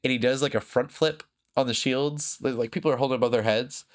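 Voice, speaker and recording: A man's voice: mid-range voice, fairly even intonation, brisk. A man co-hosting a podcast in casual chat, rambling with lots of fillers and frequent laughs. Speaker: podcast co-host.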